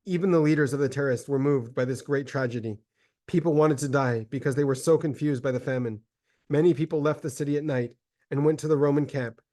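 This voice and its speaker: A man narrating a religious text in a grave, measured dramatic reading. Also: mid-range voice, mellow.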